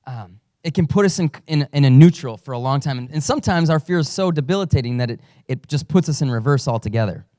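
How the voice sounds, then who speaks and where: A man's voice: mid-range voice, expressive, quick pace, hardly any pauses, dark tone, no room sound, clean studio sound. A man who is a father, a pastor giving a conversational sermon with storytelling and self-deprecating humor. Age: adult father.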